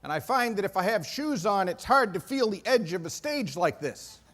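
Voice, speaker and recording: A middle-aged man from Maine giving an energetic, self-deprecating keynote speech in a conference hall. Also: sits high, moderate pace. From Maine, USA. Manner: excitable, self-deprecating storyteller. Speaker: keynote speaker.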